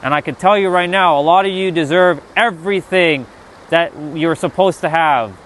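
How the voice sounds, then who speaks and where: Outdoors by the water, a man on a live stream answers chat with an emphatic, profane spiritual pep talk, repeatedly saying "right?". His voice is on the high side and fairly bright, at a moderate pace. There's a little hiss or hum in the audio.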